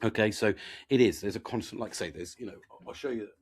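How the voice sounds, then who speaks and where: Talking quickly in a lowish voice with a breathy edge, a middle-aged podcast host swears often and makes fun of himself. His casual monologue is candid and rambling.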